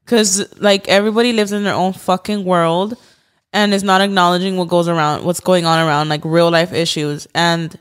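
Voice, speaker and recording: A woman's voice: lowish voice, steady tone, moderate pace, smooth. A young woman from California co-hosting a podcast in casual chat, earnest and full of "like" fillers, with the odd swear word. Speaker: podcast co-host. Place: podcast studio.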